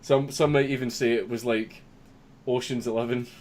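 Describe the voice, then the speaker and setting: A young livestream host with a mid-range, slightly mellow voice reads viewer messages aloud at normal speed and fairly even intonation. He mock-reads the comments, cursing constantly and laughing frequently.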